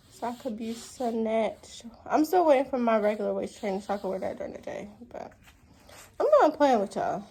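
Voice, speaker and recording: A woman's voice: fairly high pitch, darkish tone. A woman vlogger chatting casually and talking straight to her viewers. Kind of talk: casual vlog chat.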